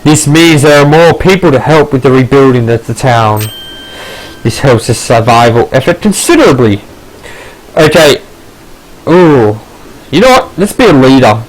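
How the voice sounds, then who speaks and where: A man's voice: medium pitch, animated, moderate pace, pauses often, rough recording. A man playing a text game, reading the story aloud with casual asides. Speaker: gamer. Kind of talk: casual let's play narration.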